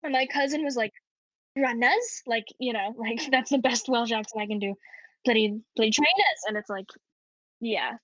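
A woman's voice: a little high, brisk, fairly bright tone, no room sound. A young woman with a Canadian accent in casual chat, talking with lots of fillers and frequent laughs. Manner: chatty, laughs often, many fillers. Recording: dull lo-fi sound.

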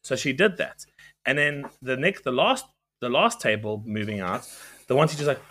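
Male co-host, very animated pitch, chatty, self-correcting storyteller. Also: brisk. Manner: lively storytelling, self-interrupting. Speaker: podcast co-host. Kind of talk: casual chat.

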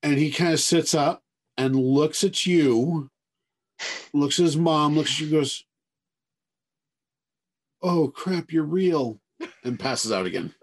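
A man narrating a tabletop game as game master, telling the scene with many hedges. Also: fairly high pitch. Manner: drawn-out storytelling with many hedges.

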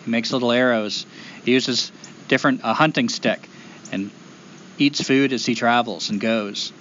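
A man telling a traditional folktale aloud in a rhythmic, expressive way, repeating phrases for effect. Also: mid-range voice, moderate pace, lo-fi sound, a little hiss or hum. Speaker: storyteller. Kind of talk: oral folktale storytelling.

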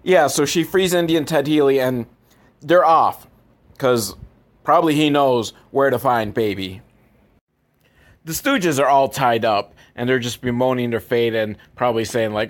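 A man's voice: medium pitch, measured pace. Sarcastic, profane man recapping a movie. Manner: profane, deadpan, rambling with asides. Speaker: movie reviewer.

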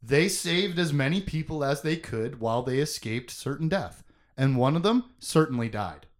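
A fairly high-voiced man co-hosting a casual book podcast. He recaps the story in an animated, joking way, jumping between loud bursts and quiet asides. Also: moderate pace. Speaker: podcast co-host. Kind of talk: casual book discussion chat.

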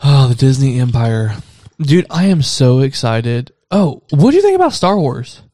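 A man's voice: mid-range voice, sing-song, warm tone, no echo. Man, podcast co-host, blunt, swears a lot, dry close sound. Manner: blunt, swears freely, quick interjections. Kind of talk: casual chat.

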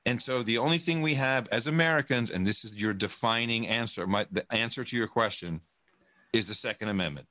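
A man's voice: medium pitch, brisk, pushed and bright, dry recording. A man talking in a casual interview, rambling and emphatic, swearing often and restarting his sentences. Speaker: podcast guest. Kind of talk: casual conversation.

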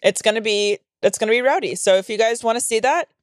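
A woman's voice: on the high side, fast, no echo, studio quality. Profane young woman telling stories on a podcast. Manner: animated storytelling with acted-out quotes, profane. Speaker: podcast co-host. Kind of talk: casual podcast chat.

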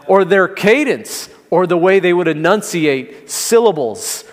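A man preaching a sermon as pastor, in a conversational way with gentle humor. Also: sits high, lively intonation, measured pace, long reverb tail. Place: church sanctuary.

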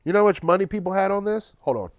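A man's voice: sits high, lively intonation, very fast, no echo. A man hosting his own podcast, ranting casually and sarcastically with plenty of swearing, tired late at night. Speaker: podcast host. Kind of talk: casual solo monologue.

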